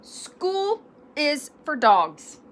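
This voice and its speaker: A woman's voice: sits high, very animated, takes it slowly, fairly bright tone, voice pushed up, full character voice. Woman doing a dramatic, emphatic mother cat.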